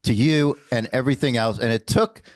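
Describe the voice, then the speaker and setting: An older man, a guest on a talk show, telling how he began with halting restarts. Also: medium pitch, dry recording. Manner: halting, with repeated starts. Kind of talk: casual interview talk.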